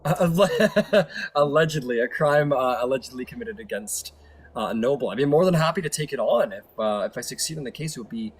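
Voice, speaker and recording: A man's voice: expressive, fairly quick, husky. A man doing a grandstanding rule-bending lawyer. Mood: earnest. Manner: theatrical courtroom oratory, booming objections. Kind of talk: tabletop role-play.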